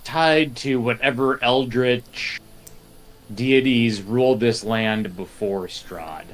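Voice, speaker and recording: A man's voice: mid-range voice, slow. A man playing in a tabletop game who speaks hesitantly, with many fillers. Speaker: player. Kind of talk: casual game chat.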